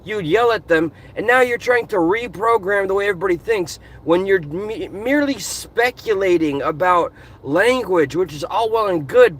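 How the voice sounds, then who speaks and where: A man vlogging from his car into a phone, ranting passionately and animatedly in casual commentary. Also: high-pitched. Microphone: phone camera.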